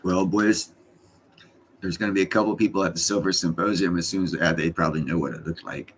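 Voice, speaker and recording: A middle-aged man with a low voice hosts his own live stream from home, talking briskly with fairly even intonation over slight background noise. His casual chat is rambling, blunt, and profane.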